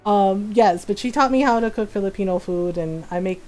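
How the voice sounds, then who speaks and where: A woman's voice: mid-range voice, brisk, a little mellow, soft background music. A woman in her forties chatting casually while streaming a game, telling stories with frequent laughter. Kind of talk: casual chat while gaming.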